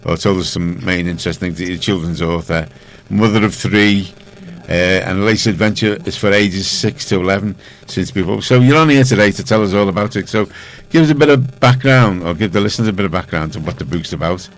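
An older man with a Scouse accent hosting a casual radio studio interview, chatty and halting with many fillers. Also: deep voice, low-quality recording. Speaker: radio host.

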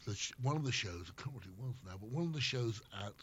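A man's voice: medium pitch, animated, racing, a bit bright, breathy edge. An older man, a former radio host, chatting as an interview guest and telling rambling anecdotes. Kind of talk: casual chat. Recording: slightly muffled with faint noise.

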